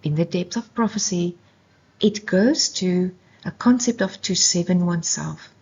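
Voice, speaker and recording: A woman with a low, gravelly voice gives an intense devotional Bible teaching. She often sinks into a hushed whisper. The recording sounds dull and lo-fi. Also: unhurried.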